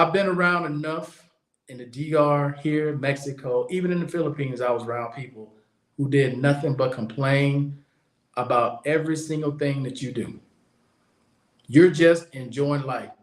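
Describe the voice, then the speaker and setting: A man hosting a podcast, speaking bluntly in a casual monologue and repeating his points for emphasis. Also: fairly high pitch. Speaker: podcast host. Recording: echoey room.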